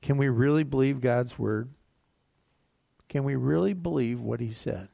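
Gravelly-voiced pastor preaching a sermon. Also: male voice, mid-range voice, a little slow, warm tone, no echo. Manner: preaching with acted quotes of temptation, rising and falling.

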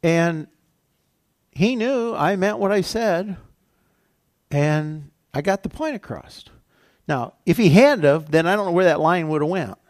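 A man's voice: on the high side, expressive, a little slow, pauses often, no room sound, clean studio sound. An older man preaching a sermon as pastor, telling a personal story in a conversational way with frequent restarts. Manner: conversational, storytelling with self-corrections.

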